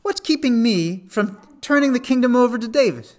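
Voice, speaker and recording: A man's voice: high voice, moderate pace, close to an everyday voice. A man voicing an indignant, boastful ancient army commander who fires off threatening questions.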